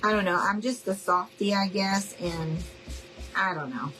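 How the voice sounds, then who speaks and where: A woman's voice: medium pitch, a little slow, sharp tone, faint music behind, low-quality recording. A middle-aged woman hosting a casual live crafting demo, chatty and friendly, calling her viewers y'all. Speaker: craft tutorial host.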